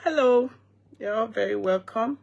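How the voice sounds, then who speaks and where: A woman's voice: a little high, moderate pace, vocal fry, darkish tone, highs cut off. A tired Nigerian woman hosting a casual live stream, chatting to viewers with repeated greetings and bits of Pidgin. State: tired, yawning.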